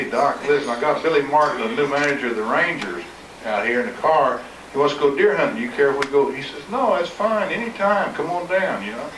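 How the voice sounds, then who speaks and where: A man's voice: mid-range voice, a bit bright. An elderly man, a retired ballplayer, telling a folksy anecdote at a live event. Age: older. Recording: echoey room, distant mic, faint noise.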